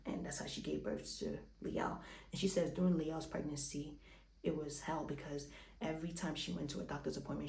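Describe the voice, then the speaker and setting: A woman's voice: sits low, gravelly, darkish tone, reverberant. A woman recapping a reality show in a casual, opinionated chat, a little out of breath, with restarts and sighs.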